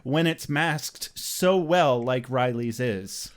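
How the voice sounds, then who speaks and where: A man's voice: mid-range voice, takes it slowly. A man co-hosting a podcast in a casual, joking and reassuring way. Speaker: podcast co-host. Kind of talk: casual chat.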